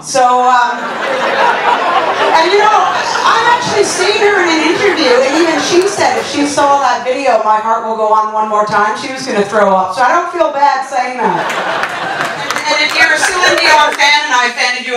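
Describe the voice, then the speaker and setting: A woman's voice: high voice, far from the mic. A Canadian woman doing a stand-up comedy set, telling chatty, self-mocking stories with crude punchlines. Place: comedy club stage with audience. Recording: very echoey club heard from afar. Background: audience laughter and room noise.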